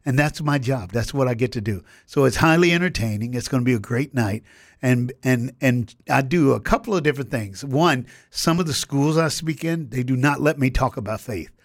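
A man from the United States, a motivational speaker, is interviewed in a radio studio, where he rattles off emphatic stories and performs the quoted lines. His mid-range voice comes through with no room sound.

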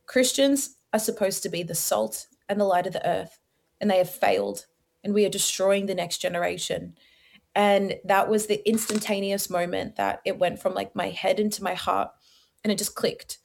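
A young adult woman, telling her personal testimony as a podcast guest in an animated, slangy way. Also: mid-range voice, creaky. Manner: animated storyteller, slangy, many likes and ums.

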